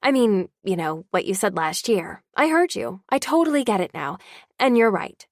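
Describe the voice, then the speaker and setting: A woman's voice: medium pitch, very animated, moderate pace, no echo, studio quality. A woman voicing an earnest, apologetic teenage girl in an audiobook.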